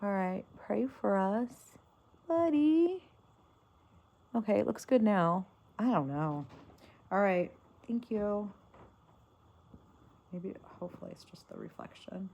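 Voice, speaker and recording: A woman chatting softly to her pets and viewers in doting baby talk, sometimes singing a lullaby. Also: mid-range voice, measured pace, gravelly, long pauses. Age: adult with a daughter. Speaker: pet vlogger. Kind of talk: casual chat to pets and viewers.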